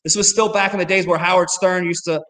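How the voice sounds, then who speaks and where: A man's voice: high voice, fairly even intonation, quick pace, a bit bright, in a large hall, slight background noise, poor audio. A man who produces comedy shows, a guest on a casual podcast, telling road stories with many "like" fillers.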